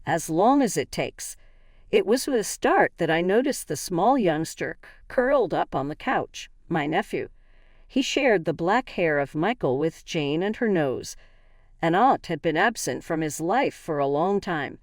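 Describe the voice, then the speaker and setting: A woman's voice: on the low side, expressive, unhurried, dry recording, studio quality. A woman narrating a dramatic first-person family story in an emotional storytelling manner.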